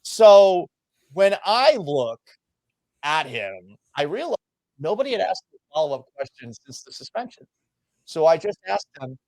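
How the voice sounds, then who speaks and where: A man who hosts sports radio, telling stories in a casual interview with a self-deprecating, profane, animated manner. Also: on the high side, unhurried, no echo. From Massachusetts. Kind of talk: casual storytelling in a podcast interview.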